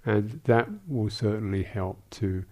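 A man, a Buddhist monk teacher, answering questions in a dharma talk, speaking in a halting, thoughtful way with many restarts and small asides. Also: on the low side, fairly even intonation, a little mellow.

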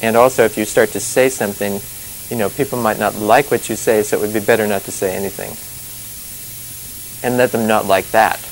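A man's voice: lowish voice, fairly even intonation, fairly quick, low-quality recording. A male meditation teacher talks loosely and conversationally, stopping often to chuckle and check in with "you see?" His speech wanders and restarts. A faint hiss sits under the recording. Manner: chatty, rambling, laughs often, many "you know" and "you see" asides. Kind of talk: informal dharma talk.

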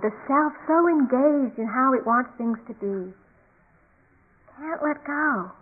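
A woman meditation teacher giving a calm, reflective dharma talk, often repeating key phrases. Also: fairly high pitch. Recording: tinny phone-like recording.

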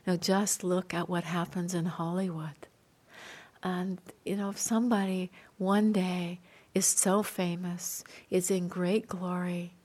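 Slow, gentle woman giving a dharma talk. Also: fairly low pitch. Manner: gentle, unhurried, soft-spoken. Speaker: meditation teacher.

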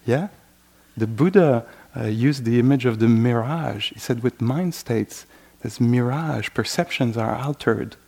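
Gravelly-voiced man giving a meditation talk. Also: medium pitch, a little mellow. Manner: reflective, unhurried, with frequent "you know"; acts out inner voices in quoted asides. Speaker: meditation teacher. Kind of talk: dharma talk.

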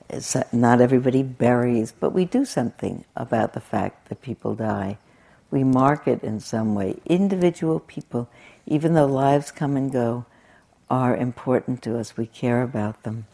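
A woman's voice: rumbling low, vocal fry, warm tone. An older woman giving a conversational, reflective dharma talk as a meditation teacher. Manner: conversational and reflective, with laughing asides.

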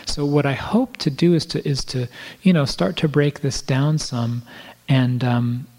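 A man teaching meditation, giving a reflective talk to people in a room, often restarting his phrases and dropping into soft asides. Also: mid-range voice, steady tone, a little slow. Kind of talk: dharma talk to a live audience. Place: room with a live audience.

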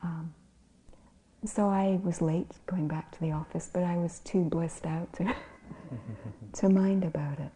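A woman who is a physician and meditation teacher, giving a gentle dharma talk and often dropping to a near whisper. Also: lowish voice, measured pace, pauses often.

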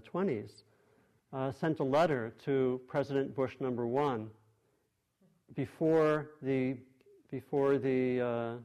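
A man giving a dharma talk in a meditation hall, speaking at a middle pitch. He talks thoughtfully and gently, often pausing and restarting his phrases as he reaches for the right words. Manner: thoughtful, many restarts and pauses. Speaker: meditation teacher.

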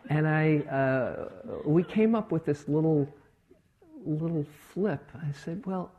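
A middle-aged man giving a relaxed dharma talk as a meditation teacher, telling stories and acting out the people in them. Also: fairly high pitch, a little slow. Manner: relaxed storytelling with quoted voices. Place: retreat hall.

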